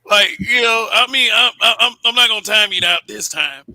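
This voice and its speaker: A man's voice: high-pitched, moderate pace, sharp tone, no room sound, rough recording. A man hosting a casual political call-in show, blunt and profane, laughing often and stammering over repeated words. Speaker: show host.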